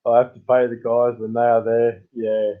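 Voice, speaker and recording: An Australian man hosts a casual livestream, telling long, rambling stories and chuckling often. His mid-range voice is monotone at normal speed, and the audio sounds tinny, like a phone.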